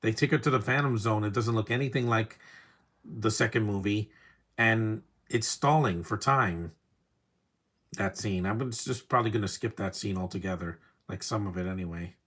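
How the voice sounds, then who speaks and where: A man's voice: fairly low pitch, normal speed. Wry young man muttering film commentary. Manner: wry, opinionated, trails off quietly. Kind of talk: casual live movie commentary.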